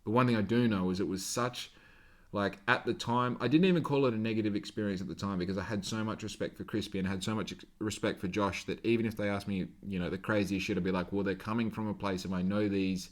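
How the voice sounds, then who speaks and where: A man's voice: on the low side, fairly even intonation, fast. A man hosting a solo podcast, talking to a camera on his own in a loose, rambling way and swearing often. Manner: casual, rambling, swears a lot. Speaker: podcast host.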